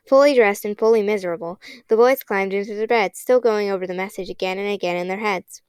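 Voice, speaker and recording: A woman narrating a children's novel as an audiobook, reading in a steady, expressive way. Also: medium pitch, fast, few pauses, clean tone, no room sound. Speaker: audiobook reader.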